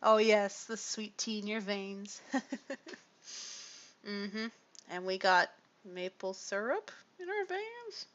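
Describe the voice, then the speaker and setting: A woman's voice: mid-range voice, animated, slow pace, a bit bright, lo-fi sound. A tired woman chatting casually with viewers on a livestream, rambling and apologetic, with sighs. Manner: rambling, apologetic, with frequent sighs and small laughs.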